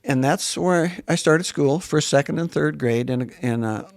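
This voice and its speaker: A man's voice: on the high side, a little slow, vocal fry, no echo. A man in his late seventies from northern South Dakota, whose first language was German, telling his life story as an interview guest in a leisurely, reminiscing way with frequent restarts. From northern South Dakota, USA. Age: 70s. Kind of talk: casual interview conversation.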